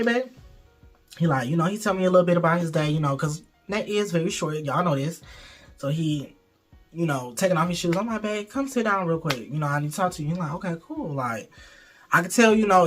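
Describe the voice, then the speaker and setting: A man's voice: on the high side, lively intonation, a little fast, a bit bright, faint music behind. Candid, profane young man telling a storytime. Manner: candid, profane, rambling with many fillers. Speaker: vlogger. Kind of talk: casual storytime.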